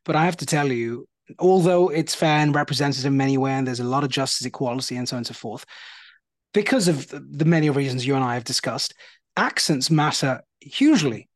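A man's voice: mid-range voice, brisk. A man with a British accent, of Indian origin, hosting a podcast in conversational interview style and speaking earnestly. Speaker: podcast host.

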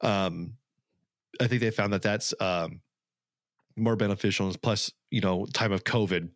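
A man's voice: lowish voice, moderate pace, dry recording, studio quality. A man co-hosting a podcast, talking casually and earnestly, rambling with fillers and restarts. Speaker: podcast co-host. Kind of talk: casual chat.

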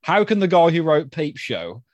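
A man co-hosting a podcast, reading listener messages and rambling enthusiastically, often trailing off softly. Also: fairly high pitch, sing-song, moderate pace, dry recording. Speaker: podcast co-host.

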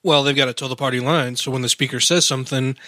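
A man explaining things in a measured, occasionally profane way during a casual political chat. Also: mid-range voice, steady tone, bright, forceful tone, no echo, clean studio sound.

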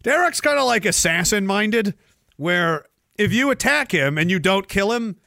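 A man's voice: high-pitched, animated, moderate pace, creaky, bright, forceful tone, dry recording, clean studio sound. A man from Canada hosting a casual, profane livestream, joking crudely, laughing often and reading out chat messages.

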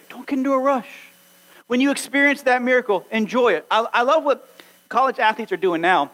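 Male pastor, high voice, earnest exhorting sermon delivery in a church. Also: brisk, fairly bright tone, rough recording. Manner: earnest, exhorting, acts out quoted dialogue.

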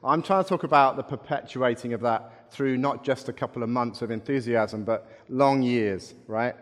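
A man's voice: mid-range voice, moderate pace. A middle-aged man preaching a sermon, telling a story in a conversational way with wry asides. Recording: long reverb in a hall.

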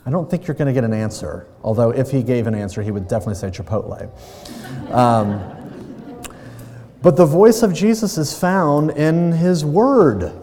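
A man's voice: a little high, mellow. A man pastor delivering a sermon in a conversational way, using playful everyday examples. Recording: long reverb of a large hall.

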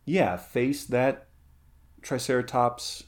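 A man's voice: mid-range voice, little pitch movement, slow pace. A man co-hosting a podcast in a casual chat, rambling with many fillers and restarts. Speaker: podcast co-host.

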